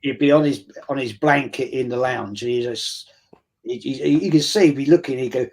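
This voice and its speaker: A man's voice: medium pitch, brisk. A man co-hosting a casual football livestream, telling rambling anecdotes with restarts and calling his friend mate. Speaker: livestream co-host.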